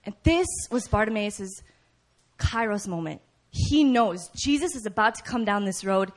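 A woman preaching a sermon, telling the story in a lively, conversational way, often asking "right?" and acting out shouts. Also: medium pitch, measured pace. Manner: animated storytelling, acts out voices and shouts; conversational, frequent "right?" asides.

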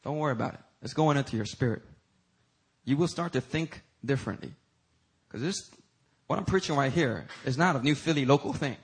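A man preaching a sermon as pastor, emphatic, rising to high, loud peaks and talking casually to the congregation. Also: a little fast, breathy edge, poor audio. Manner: uses y'all and casual asides to the congregation.

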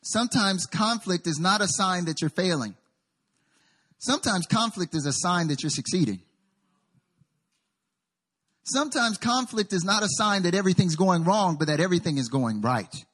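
A man pastor delivers an animated sermon, calling out to the congregation and slipping into storytelling. His voice sits high for a man and has a husky, breathy grain. His loudness swings widely from hushed asides to full-throated emphasis. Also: moderate pace, pauses often. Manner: animated preaching with call-and-response.

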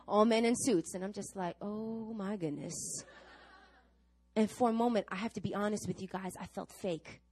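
Woman pastor, middle-aged, preaching, storytelling, acts out quoted voices, higher voice, lively pitch. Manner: animated storytelling to a congregation, acting out quoted voices. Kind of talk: sermon.

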